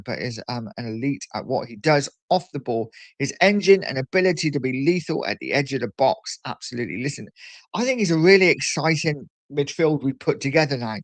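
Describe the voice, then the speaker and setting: A man's voice: fairly high pitch, no room sound. A middle-aged man hosting a casual livestream, chatting and reading viewer comments aloud. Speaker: livestream host.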